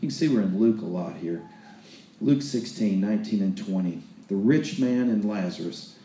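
A man's voice: fairly low pitch, lively intonation, normal speed, dark tone, roomy sound. A man preaching a sermon in a folksy, storytelling way, often restarting his sentences.

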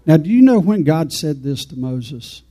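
A man's voice: fairly high pitch, very animated, normal speed, mellow. A man preaching an informal, folksy sermon, rambling and talking straight to his congregation.

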